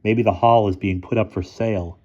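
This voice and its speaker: A man's voice: on the low side, fairly even intonation, brisk, a little mellow, lo-fi sound, lightly acted. A man voicing a nervous teenage schoolboy who brings bad news hesitantly.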